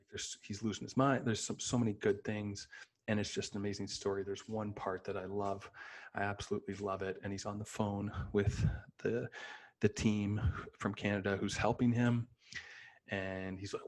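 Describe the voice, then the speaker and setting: A man hosting a casual film review show, talking loosely with lots of fillers and swearing, getting openly excited about the movies. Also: fairly low pitch, a little fast. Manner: loose, profane, enthusiastic with many fillers. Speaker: podcast host reviewing films.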